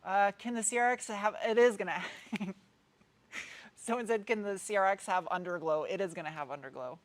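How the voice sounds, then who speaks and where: A woman's voice: medium pitch, brisk. A woman in her thirties with a New England accent, chatting casually and rambling as she answers viewers' comments during a live stream. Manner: chatty, rambling, meandering with frequent restarts. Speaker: car channel host.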